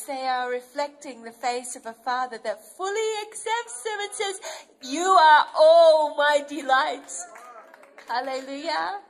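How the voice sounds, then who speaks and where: A woman with a high voice preaching a sermon. She speaks tenderly and with deep feeling, and her voice sometimes breaks with emotion. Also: rough recording.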